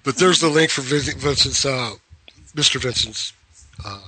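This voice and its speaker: Bright-voiced rambling male radio host. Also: medium pitch, moderate pace, low-quality recording. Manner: rambling storyteller, laughs often. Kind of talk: casual talk radio chat.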